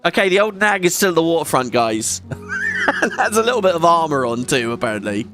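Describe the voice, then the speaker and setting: Excitable chatty gameplay commentator. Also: male voice, a little high, fairly quick. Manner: chatty, excitable, swears often. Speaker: let's play host. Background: game music.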